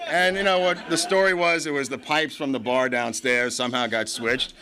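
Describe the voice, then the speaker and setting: A man's voice: a little high, normal speed, hardly any pauses, sharp tone, some chatter behind. A middle-aged man speaking at a recovery meeting, telling his own story in a rambling way, with asides and chuckles. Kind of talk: personal story told at a meeting. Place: meeting hall before an audience.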